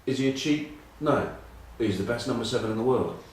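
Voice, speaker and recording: A man's voice: medium pitch, brisk, very echoey, recorded from a distance, a little hiss or hum, rough recording. A middle-aged English man telling rambling, self-mocking rugby stories in casual chat. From England. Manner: rambling, self-mocking anecdotes with many ums. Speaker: rugby pundit.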